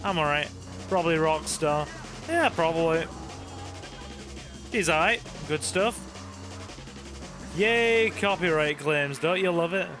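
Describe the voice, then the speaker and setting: Chatty gaming host. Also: male voice, a little high, a little slow, long pauses, over music. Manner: chatty, joking, swears casually, talks to the chat. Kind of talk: casual let's-play commentary.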